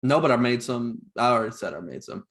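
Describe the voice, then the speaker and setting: A man from Louisiana with a Cajun accent, co-hosting a casual podcast over a video call, animated and quick to laugh. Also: mid-range voice. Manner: animated, laughs easily, storytelling asides. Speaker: podcast co-host. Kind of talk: casual chat.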